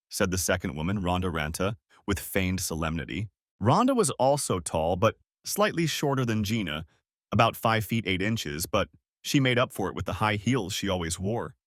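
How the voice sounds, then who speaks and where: Guy narrating an audiobook, lively sing-song delivery, dry close mic. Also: fairly low pitch, dry recording. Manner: measured, expressive storytelling. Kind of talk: scripted narration.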